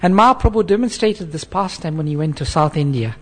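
Male preacher with a high voice, earnest and unhurried, explaining scripture to a class. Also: lively intonation. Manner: earnest, checks in with listeners by asking "hmm?". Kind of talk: sermon.

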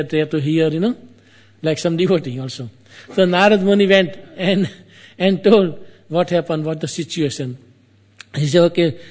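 A man retells an epic tale in a relaxed storyteller's way, his phrasing loose and halting, full of repeats and asides to whoever's listening. His voice is fairly high and a little mellow.

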